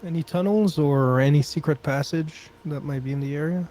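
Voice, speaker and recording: A poor peasant who is really a ninja in disguise asks probing questions, as a man plays him. His voice is slightly high and mellow. The character speaks in a tabletop role-play. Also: normal speed, lightly acted. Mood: inquisitive.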